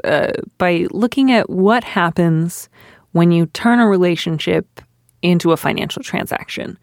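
A woman's voice: on the low side, no echo. A woman hosting an advice podcast from a studio, chatty and wry, laughing at her own jokes. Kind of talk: casual advice chat.

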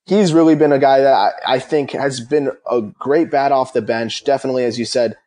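Young man, mid-pitched voice, eager and talkative, hosting an interview. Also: a little fast, a little mellow. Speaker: host. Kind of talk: casual interview chat.

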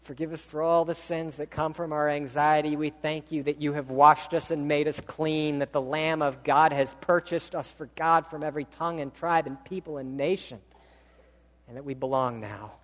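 A male pastor delivers a sermon with a dramatic storyteller's touch. His voice sits somewhat high for a man. Long reverb from the church hall trails every phrase. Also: steady tone, moderate pace. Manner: dramatic storytelling, voice climbing high for a children's book reading. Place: church sanctuary.

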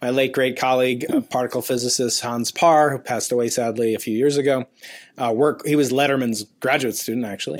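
A man in his fifties hosting a science podcast, talking in long rambling questions with many restarts. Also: mid-range voice. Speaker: podcast host, physicist. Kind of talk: casual interview chat.

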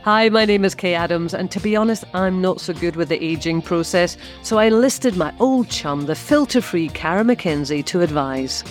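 A woman's voice: on the low side, lively intonation, moderate pace, hardly any pauses, soft background music. A woman of around sixty, a podcast host, reading a breezy, wry promo for her show.

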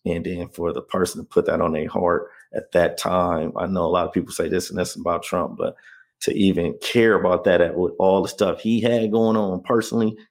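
This interview guest has a low, level voice and talks fairly quickly. Telling his own story conversationally, he often checks in with "you know what I mean."

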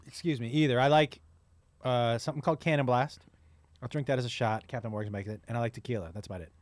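A man's voice: medium pitch, quick pace, dry recording. A comedian guest chatting casually, rambling and often stopping to restart his sentences. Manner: rambling, self-interrupting. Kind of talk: casual conversation.

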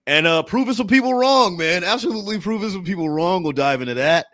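A man's voice: high voice, animated, fast talker, fairly bright tone, dry recording, studio quality. A man hosting a sports podcast, chatting casually and laughing easily with his co-host.

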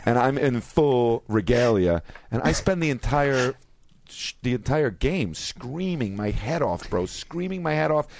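A man, an actor, guesting on a podcast and telling stories in an excitable, loose way. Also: mid-range voice, measured pace, creaky. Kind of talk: casual chat, telling anecdotes.

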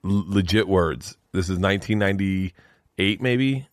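A man's voice: deep voice, a little slow, no echo, studio quality. A middle-aged man, a comedian, telling stories in a casual chat and acting out other people's lines in raised voices. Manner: animated storyteller, acts out quotes in raised voices. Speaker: guest comedian.

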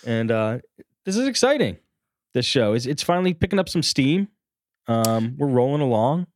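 A man's voice: mid-range voice, big pitch swings, normal speed, darkish tone, dry recording, studio quality. A man hosting a casual podcast, upbeat and jokey, who laughs easily while he introduces his co-host.

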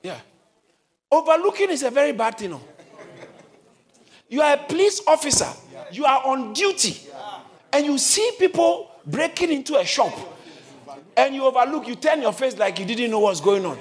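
A man preaching a sermon who often shouts and calls on the congregation to answer him, with listeners heard in the church. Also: very high voice, sing-song, moderate pace, pauses often.

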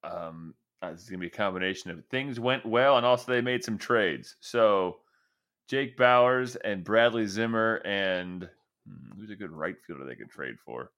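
Bright-voiced joking podcast guy. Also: on the low side, animated, moderate pace. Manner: joking, rambling, trails off mid-thought. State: married. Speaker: podcast co-host. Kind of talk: casual sports podcast banter.

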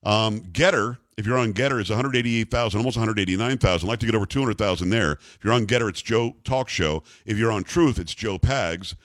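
A man's voice: lowish voice, fairly quick, few pauses, fairly bright tone, no room sound, studio quality. A man hosting a talk radio show, ranting indignantly and repeating the call-in number.

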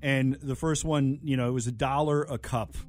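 A man's voice: medium pitch, steady tone, moderate pace, darkish tone. A man telling a comic story in a casual, playful chat.

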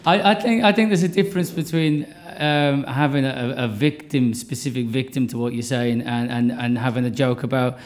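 Male comedian guest, halting, repeats words, mid pitch. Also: fairly even intonation. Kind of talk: casual interview answer.

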